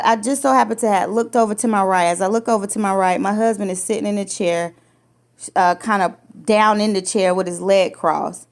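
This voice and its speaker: A woman with a gravelly, creaky edge tells a raw personal story in an unscripted, conversational way. She stumbles and restarts her sentences often. She voices the other people in the story as she goes. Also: mid-range voice. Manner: emotional, repetitive restarts, acts out quoted lines. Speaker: podcast host sharing her story. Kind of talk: personal testimony, casual chat.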